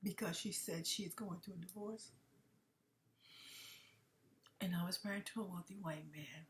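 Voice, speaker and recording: A woman's voice: fairly low pitch, fairly quick, a little hiss or hum. A woman giving an emotional commentary monologue, often dropping to a whisper and repeating herself. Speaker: commentary vlogger.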